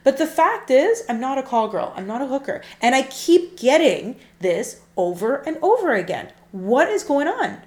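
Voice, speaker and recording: A woman's voice: high-pitched, moderate pace, few pauses, echoey room. A woman co-hosting a casual chat show, telling a dating story and acting out the texts she got. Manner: animated, acts out quoted texts. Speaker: podcast co-host.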